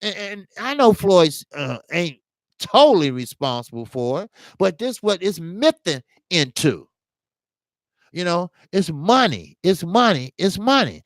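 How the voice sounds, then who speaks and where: A man's voice: sits high, very animated, a little slow, no echo. A man hosting a boxing talk show, telling rambling stories full of profanity and scolding fighters. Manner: emphatic, scolding rants. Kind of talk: casual commentary monologue.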